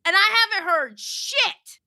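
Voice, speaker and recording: A woman's voice: very high-pitched, very animated, a little slow, pushed and bright, no echo, studio quality. A woman co-hosting a casual livestream chat, blunt and complaining, swearing heavily. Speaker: co-host.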